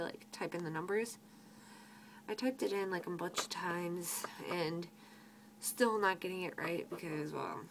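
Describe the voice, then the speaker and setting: A woman's voice: on the low side, poor audio. Exasperated teenage girl venting with faint hiss. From United States. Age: teens. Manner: exasperated, sarcastic, swears freely, quotes customers in mocking voices. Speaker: grocery cashier. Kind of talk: venting vlog rant.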